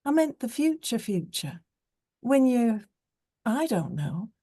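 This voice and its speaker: A teasing young woman with a sharp tongue, read by a woman narrator, mocking and playful. She speaks slowly and mellowly, in a dry, close recording. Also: fairly high pitch, sing-song, no echo, pitched above the performer's own voice, exaggerated voice.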